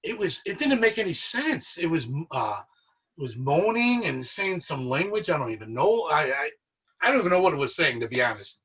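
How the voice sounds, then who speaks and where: A man, a paranormal investigator, telling his story as a podcast guest in an earnest, excitable way. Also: fairly high pitch, brisk, husky, far from the mic, muffled recording. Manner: earnest, excitable storyteller who relives events. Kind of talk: casual storytelling interview.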